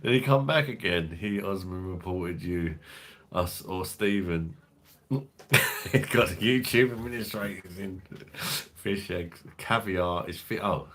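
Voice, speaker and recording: Brief: low-pitched male streamer, loose and profane, chatty rambling delivery. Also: a little slow, a bit bright. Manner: swears freely, rambling, laughs often. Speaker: beer review channel host. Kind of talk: casual livestream chat reading viewer comments.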